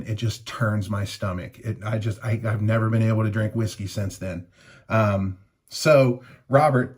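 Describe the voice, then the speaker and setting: A husky, medium-pitched voice belongs to a man in his fifties who rambles through a story while shaving. He chuckles as he reviews shaving gear in this casual vlog.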